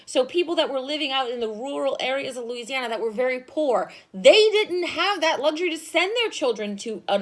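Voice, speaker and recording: A woman history teacher, lecturing her class in an excitable, animated way with frequent laughs. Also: high-pitched. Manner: excitable, fast and loud when enthused, laughs often.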